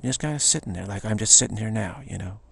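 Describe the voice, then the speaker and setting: A man's voice: lowish voice, animated, fast, vocal fry, breathy edge, no room sound. A man giving an informal spiritual talk in a rambling, repetitive way, often slipping into quoted voices. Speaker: spiritual teacher.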